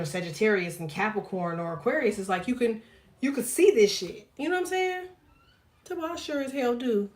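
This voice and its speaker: Woman, slightly high voice, tarot livestreamer, casual and foul-mouthed, laughs a lot. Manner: profane, blunt and jokey, laughs often; talks to viewers directly, reads chat aloud. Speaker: tarot reader.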